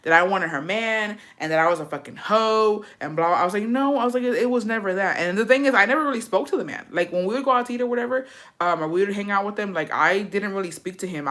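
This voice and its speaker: Woman vlogger with a bright, forceful voice; profane, gossipy storytime chat. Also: on the low side.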